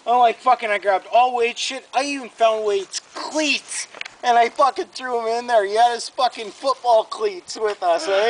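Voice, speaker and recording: A man with a high voice spins a wild, profanity-laced story in an easy, casual way. He keeps piling on the swearing and pushing forward with animated energy. The recording carries a clear layer of background noise. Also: low-quality recording. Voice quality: heavy swearing, animated, fast-building rants.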